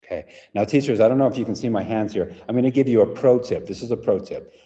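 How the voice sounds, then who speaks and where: A man's voice: fairly low pitch, quick pace, warm tone. A man presenting an interactive workshop for English teachers, demonstrative and often checking in with the audience. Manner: demonstrative, keeps checking in with "right?". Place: conference venue away from home. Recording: echoey hall, dull lo-fi sound.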